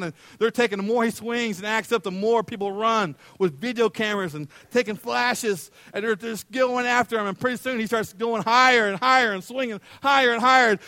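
A middle-aged man preaching a sermon as a pastor, telling stories and acting out the voices in them. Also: no room sound. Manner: animated storyteller, acts out quoted voices with big pitch jumps. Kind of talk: storytelling sermon.

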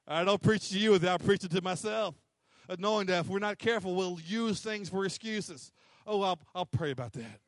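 A man's voice: fairly high pitch, dry recording, clean studio sound. A man preaching a sermon, emphatic and repetitive, acting out little quotes. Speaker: pastor.

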